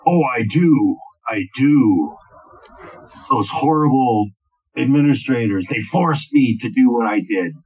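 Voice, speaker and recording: A man's voice: medium pitch, expressive, slow, a little mellow, slightly rough, highs cut off. A man voicing a mutated, arrogant male scientist villain with a haughty, menacing manner. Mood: bitter.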